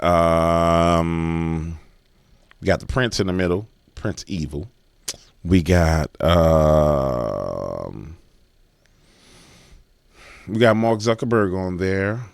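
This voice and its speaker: A man's voice: deep voice, dry recording. Fired-up man ranting in a dry close recording. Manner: emphatic, repetitive, gets worked up. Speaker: political commentator. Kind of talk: heated commentary rant.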